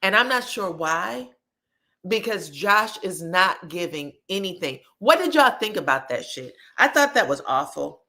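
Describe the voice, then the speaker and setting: A woman's voice: on the low side, big pitch swings, measured pace, bright, forceful tone. Woman, podcast host, casual commentary, sassy, blunt, swears freely, dramatic quoting. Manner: acts out quoted lines in dramatic voices. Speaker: podcast host recapping reality TV.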